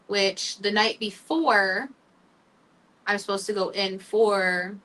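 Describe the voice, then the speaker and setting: A young woman hosting a talk show, telling her own story candidly and emotionally, halting often with fillers. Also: medium pitch, fairly bright tone, distant mic, slight background noise, poor audio. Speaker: podcast host. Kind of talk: personal storytelling.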